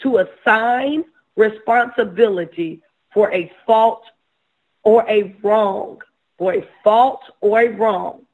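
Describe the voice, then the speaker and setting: Woman, preacher, sermon, halting delivery with repeated words, tinny phone-like audio. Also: a little high. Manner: halting, repeats words and restarts, laughs softly between points.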